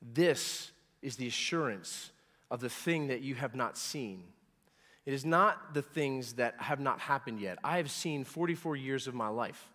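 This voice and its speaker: A man's voice: medium pitch, a little slow, big-room sound. Emphatic man in his forties preaching. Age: 40s. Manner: emphatic preacher, repeating words and swelling loud on key points. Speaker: pastor. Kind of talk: sermon.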